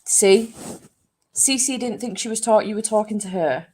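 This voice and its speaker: A woman's voice: mid-range voice, a little slow, a little mellow, slightly rough. A young woman, chatting casually with live viewers, swearing freely and poking fun at herself. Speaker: book channel host.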